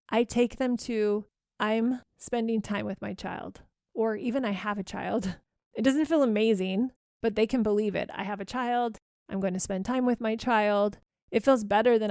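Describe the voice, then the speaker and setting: A woman parenting coach talking alone on a podcast, gently repeating soft affirmations in a reassuring way. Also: a little high, moderate pace, no room sound, clean studio sound. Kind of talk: solo podcast coaching talk.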